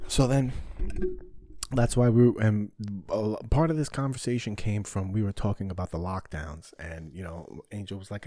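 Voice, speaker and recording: A man rants on his own podcast, swearing freely and firing off rhetorical questions. His voice sits low and mellow. The sound is dry and close to the mic. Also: a little fast, no room sound. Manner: heated, profane, rhetorical questions. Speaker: podcast host. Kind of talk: ranting solo podcast talk.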